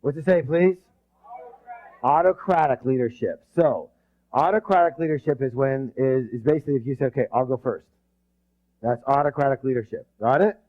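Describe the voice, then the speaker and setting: A man's voice: mid-range voice, a little fast. A man leading a live leadership seminar. He drills the room with call-and-response and often restarts his sentences. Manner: rambling restarts. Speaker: leadership trainer. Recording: dull lo-fi recording.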